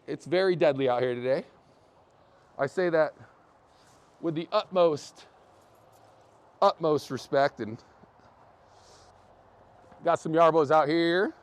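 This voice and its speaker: His voice on the high side, clear and resonant, a livestream host chats and laughs with his viewers in a casual vlog. He's out in freezing wind and snow, recorded by a camera on a tripod.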